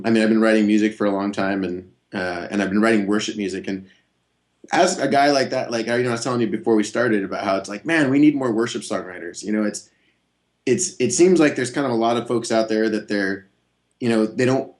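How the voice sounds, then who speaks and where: A man being interviewed as a guest guitarist, talking in a relaxed, rambling way with many fillers and restarts. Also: medium pitch. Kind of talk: casual interview chat.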